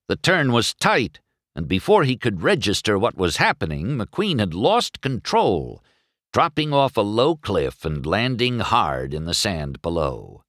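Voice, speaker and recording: A man narrating a children's storybook aloud in an animated, expressive way. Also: low-pitched, measured pace, no room sound, studio quality.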